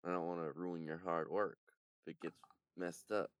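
A man in a tabletop game with a very deep voice and a smooth, clean tone. He talks in a relaxed, low-key way, and the recording sounds dry and close. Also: normal speed, dry recording. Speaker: player. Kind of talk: casual tabletop play.

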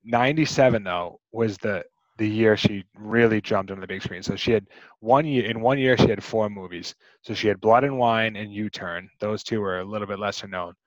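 A man's voice: on the low side, normal speed, no room sound, dull audio. A man co-hosting a podcast, chatting casually about a movie, rambling with many restarts and fillers. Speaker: podcast co-host.

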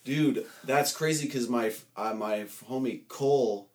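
A man's voice: mid-range voice, moderate pace, a little mellow. A man in casual chat, telling stories loosely and profanely.

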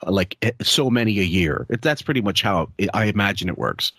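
A man's voice: on the low side, sing-song, fairly quick, creaky, few pauses, a bit bright, no room sound. A man co-hosting a podcast in casual, profane, mocking banter and laughing often. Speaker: podcast co-host.

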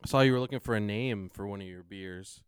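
A man from Canada co-hosting a podcast, making deadpan quips in casual chat. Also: lowish voice, quick pace, clear, resonant tone. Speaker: podcast co-host.

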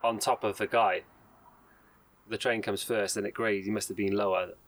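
A man's voice: on the low side, steady tone, normal speed, poor audio. A man co-hosting a podcast, casually retelling a news story and reading quotes aloud with ums and restarts. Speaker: podcast co-host.

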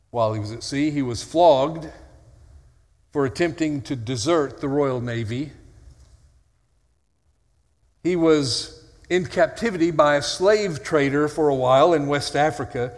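A man's voice: a little high, a little slow. A male pastor preaching an earnest, conversational sermon with dry, self-mocking humor. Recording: long hall reverb.

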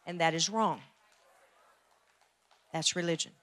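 A woman's voice: fairly low pitch, slow, a bit bright. A woman pastor preaching a fiery sermon, building in intensity and repeating phrases for emphasis. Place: church sanctuary.

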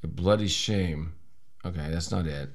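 A man's voice: low-pitched, a little slow, a crowd in the background. A tipsy man co-hosting a podcast in casual chat, joking and swearing freely. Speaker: podcast co-host.

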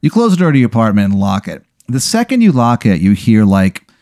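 Casual low-voiced male game master. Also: huge pitch swings, a little fast, mellow, no room sound, clean studio sound. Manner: casual, swearing, many fillers. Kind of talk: improvised game narration.

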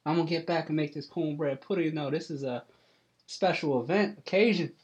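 A man doing a brisk farm wife. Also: on the high side, muffled recording, voice pushed up, lightly acted. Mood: gleeful. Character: rural farmer's wife, brisk and blunt.

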